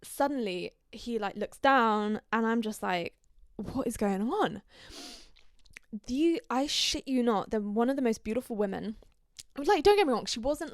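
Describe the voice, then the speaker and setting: A woman's voice: mid-range voice, dry recording, clean studio sound. Gossipy young woman telling a story. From Scandinavia. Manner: animated, gossipy, swears freely. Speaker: podcast host. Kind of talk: casual storytelling chat.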